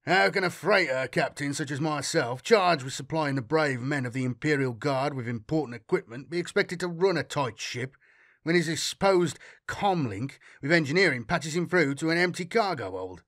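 A man voicing a gruff, pompous middle-aged freighter captain with a rough, sleep-heavy voice in an audiobook. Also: high voice, slow pace, sharp tone, voice pushed up, exaggerated voice. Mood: indignant. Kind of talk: audiobook character voice.

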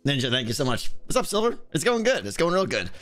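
Young male streamer, hiccuping, animated and chatty, slightly high voice, faint music bed. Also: quick pace. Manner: chatty, thanks viewers by name, interrupted by hiccups. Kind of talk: casual live-stream chat while gaming.

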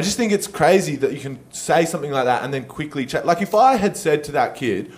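A young adult man with an Australian accent doing stand-up comedy, conversational and animated, with a lot of swearing. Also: on the high side, quick pace, few pauses, slight background noise. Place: comedy stage.

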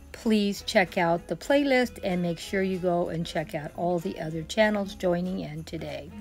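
A woman's voice: fairly low pitch, a little mellow. An older woman chatting in a friendly way as a home decor vlogger. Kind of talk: casual decorating vlog.

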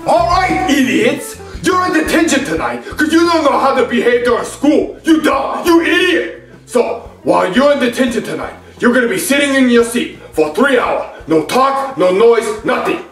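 A man voicing an angry male teacher who yells insults. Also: very high-pitched, expressive, moderate pace, roomy sound, recorded from a distance, soft background music, exaggerated voice. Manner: yelling, insulting.

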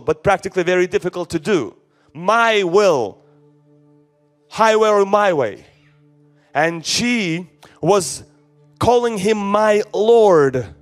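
A man preaching a sermon as pastor, asking rhetorical questions and answering them himself, with emphatic repetition. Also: high-pitched. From Slavic.

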